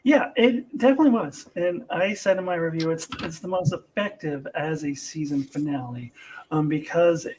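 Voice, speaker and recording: A man talks through a TV episode in a relaxed live chat, with a voice sitting a touch high. He sounds enthusiastic and laughs often, and he restarts his sentences as the thoughts come. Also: moderate pace, a little hiss or hum, poor audio. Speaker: co-host of a TV discussion. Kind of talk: casual chat reviewing a TV episode.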